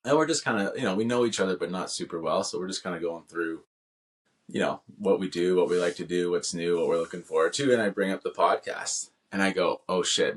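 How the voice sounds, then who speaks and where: Male podcast co-host, low voice, animated casual storyteller.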